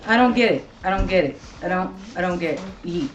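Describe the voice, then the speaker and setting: Seorang wanita paruh baya yang mengobrol santai dan bertele-tele sebagai pembawa acara podcast, sering mengumpat dengan gaya yang hidup. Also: female voice, on the low side, fairly quick, dull audio, a little hiss or hum. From Ohio. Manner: swears a lot, rambling and animated. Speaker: podcast host. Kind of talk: casual chat.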